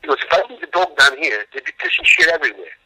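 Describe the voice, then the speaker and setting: Rapid-fire guy telling rescue stories, punchy and animated, acts out the back and forth. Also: on the high side, low-quality recording. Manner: emphatic, animated, acts out both sides of dialogues. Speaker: animal rescue worker, guest. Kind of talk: interview, storytelling.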